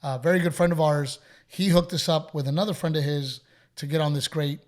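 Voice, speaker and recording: A man's voice: fairly high pitch, fairly even intonation, a little fast. A Texan man hosting a podcast, chatting casually and telling stories with quoted dialogue and frequent laughs. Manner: storytelling, quotes others, laughs often. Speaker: podcast host. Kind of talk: casual chat.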